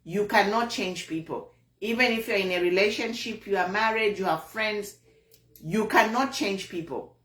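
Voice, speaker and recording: A woman's voice: medium pitch, moderate pace, a bit bright, echoey room, soft background music. A Zambian woman hosting an online show, giving an earnest, repetitive political commentary monologue with a tone of disappointment.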